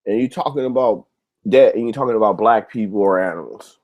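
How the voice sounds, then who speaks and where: A man's voice: on the low side, brisk, muffled recording. Heated, profane man ranting on his show. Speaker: YouTube show host. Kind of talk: ranting monologue to camera.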